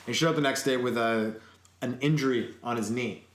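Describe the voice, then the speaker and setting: A man's voice: mid-range voice, fairly quick, a little hiss or hum. Rambling, crude young man, echoey room. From Canada. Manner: crude, rambling storyteller, laughs often. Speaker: podcast co-host. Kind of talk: casual chat.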